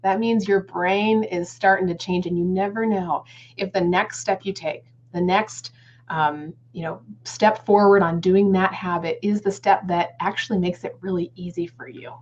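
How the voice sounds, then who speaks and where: A woman's voice: on the low side, steady tone, normal speed, darkish tone. Upbeat woman on a dull webinar line. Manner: enthusiastic, addresses viewers as friends and guys. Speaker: guest speaker on goal setting. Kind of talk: upbeat motivational live webinar talk. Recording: slightly dull lo-fi webinar audio.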